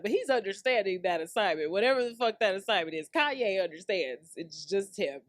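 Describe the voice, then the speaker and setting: A woman's voice: medium pitch, sing-song, moderate pace, no echo. Laughing woman podcaster in a dry room. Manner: loose, joking, slangy and laughing often. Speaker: podcast host. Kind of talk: casual solo rant.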